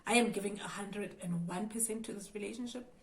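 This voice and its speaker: A woman's voice: mid-range voice, fairly quick, poor audio. A young South African woman with a South African accent, telling her viewers a storytime vlog about being cheated on, acting out her own thoughts and speaking straight to the audience. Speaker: YouTuber.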